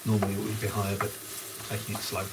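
A fairly low-pitched man speaks quickly and with a completely flat delivery while hosting a cooking livestream. He greets viewers by name in casual cookalong chat. Sizzling onions in a pan create heavy frying noise behind him.

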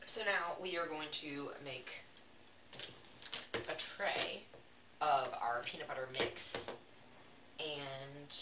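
Low-voiced Southern woman in an echoey room. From Texas. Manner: chatty, laughing, playful asides. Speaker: vlog host. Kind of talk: casual storytelling while baking. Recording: echoey room, voice from a distance, background noise.

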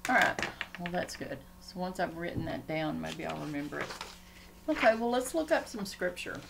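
A woman's voice: lowish voice, expressive, moderate pace, vocal fry, noisy background. A woman chatting casually in a home vlog, rambling and easily sidetracked as she talks. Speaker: Christian vlogger. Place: home room.

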